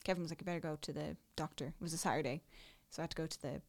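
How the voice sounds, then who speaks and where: A young woman with an Irish accent, casually telling a personal story, dropping to a hush and then getting excited. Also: low voice, very fast. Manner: animated, swings between hushed and excited. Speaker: new mother telling her story.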